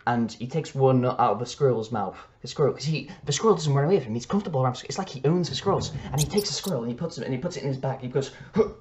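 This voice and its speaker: A man telling a wild comic story to the camera, swinging from hushed whispers to panicked shouting. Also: medium pitch, expressive, very fast, hardly any pauses, muffled recording, slight background noise. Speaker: comedy storyteller.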